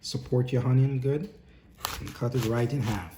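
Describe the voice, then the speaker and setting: A man's voice: medium pitch, moderate pace, noisy background. A man casually teaching a home cooking lesson, chatty and instructive, often checking in with "okay?" and "right?".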